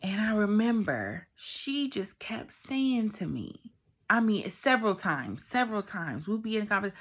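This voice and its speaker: A woman's voice: medium pitch, very animated, moderate pace. A woman vlogger sharing a personal faith testimony in an emotional, chatty way, talking straight to her viewers and sometimes dropping to a whisper. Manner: emotional, heartfelt storytelling, drops to a whisper at times; chatty, addresses viewers directly.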